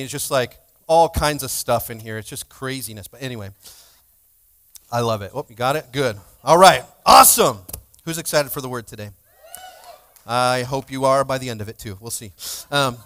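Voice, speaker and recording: A man's voice: medium pitch, clear, resonant tone. A man, the lead pastor, joking playfully with his congregation while opening a church service. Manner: playful, jokey, energetic crowd banter.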